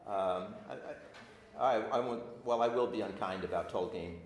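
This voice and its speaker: A man's voice: low voice, moderate pace, a crowd in the background. A man teaching an adult class, reading old verse aloud and explaining it in an informal lecture, often stopping and restarting. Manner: animated, stops and restarts often. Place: church classroom. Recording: echoey room.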